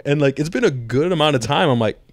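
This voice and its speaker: A man co-hosting a podcast, excitedly retelling movie scenes in casual, profane chat. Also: on the high side, fast, dry recording. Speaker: podcast co-host.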